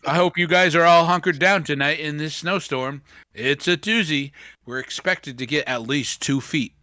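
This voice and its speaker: A man's voice: on the high side, moderate pace, sharp tone, dry recording. A man voicing a chatty male local radio DJ with breezy announcer patter.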